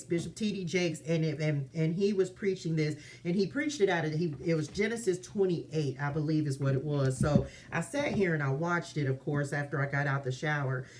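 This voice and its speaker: Chatty, emphatic woman vlogging at home. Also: low-pitched. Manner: chatty and emphatic, addresses viewers as y'all, repeats phrases. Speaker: spiritual reader and vlogger. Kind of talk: casual spiritual vlog talk. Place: her apartment, indoors.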